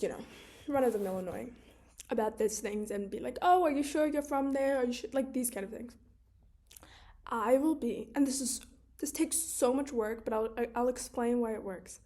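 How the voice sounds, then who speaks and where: A woman's voice: a little high, mellow. A young woman talking frankly to camera in a casual monologue, swearing freely and filling her talk with "like". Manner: candid, swears freely, chatty with many "like" fillers. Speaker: video creator.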